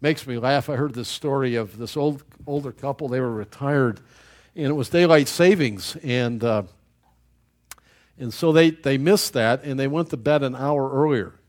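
A man with a medium-pitched, slightly mellow voice preaches a sermon in a folksy storytelling way. He chuckles at his own anecdotes and speaks haltingly, often restarting his sentences.

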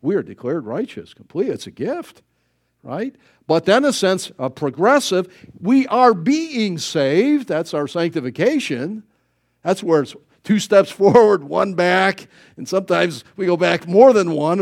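Animated preaching man, lively pitch. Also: unhurried. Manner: animated, swinging between loud emphasis and quiet asides. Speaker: pastor. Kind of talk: sermon.

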